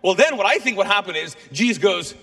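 Animated high-voiced preacher in a reverberant hall. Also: male voice, fast. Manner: animated storytelling, acts out voices of biblical figures. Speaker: pastor. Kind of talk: sermon.

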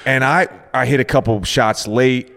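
A man co-hosting a podcast, telling stories about his career in an animated way, laughing as he goes. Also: medium pitch, moderate pace, vocal fry, big-room sound. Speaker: podcast co-host. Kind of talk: casual interview chat.

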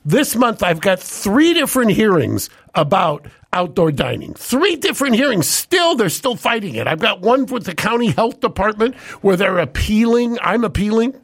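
Gravelly, husky man co-hosting a podcast. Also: high-pitched, big pitch swings, moderate pace, few pauses, no room sound, studio quality. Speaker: podcast co-host, lawyer. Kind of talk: casual talk-show banter. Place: studio.

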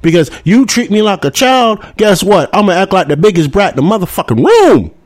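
A man's voice: high-pitched, very animated, a little fast, dry recording, clean studio sound. A man hosting a political talk show, delivering a heated monologue full of profanity and rhetorical "hmm?" asides. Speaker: podcast host.

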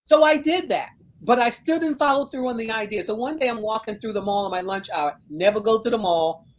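A middle-aged woman minister from the United States telling a personal faith story in conversation, animated and emphatic. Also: on the high side, a little fast, poor audio. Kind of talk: conversational testimony.

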